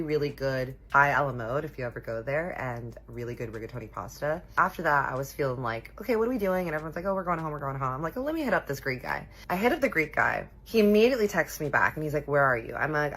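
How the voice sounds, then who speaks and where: A woman in her thirties telling a personal story in a chatty, animated way, acting out what people said. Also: very deep voice, breathy edge. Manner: chatty, animated, quotes people in little voices. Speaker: storytime vlogger. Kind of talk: casual storytelling.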